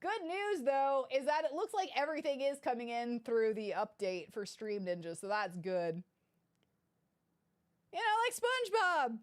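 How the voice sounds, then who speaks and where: A woman's voice: fairly high pitch, normal speed, few pauses, darkish tone, no echo. A woman casually commenting through a game playthrough, chatty, giggly and self-deprecating. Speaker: gaming streamer.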